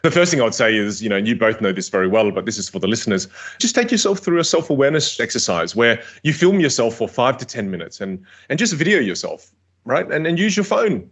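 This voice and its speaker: A man's voice: medium pitch, quick pace, breathy edge. Emphatic male communication coach. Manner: energetic, emphatic, repeats words for stress. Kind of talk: podcast interview answers.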